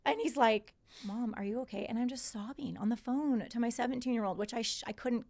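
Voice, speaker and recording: This woman's voice is a little high and a little mellow, and she talks fairly quickly. In her forties and guesting on a podcast, she animatedly recounts her experiences in conversation, quoting others and cursing.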